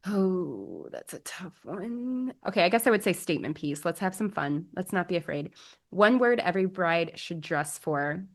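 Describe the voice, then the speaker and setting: A woman's voice: on the low side, big pitch swings, moderate pace. A young woman hosting a solo podcast as a bridal alterations specialist, chatty and bubbly with gushing exclamations.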